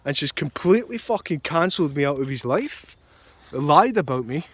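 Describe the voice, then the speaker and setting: Man, young adult, angry repetitive rant, slightly high voice. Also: lively intonation, normal speed, fairly bright tone. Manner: agitated, repetitive, swearing. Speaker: vlogger.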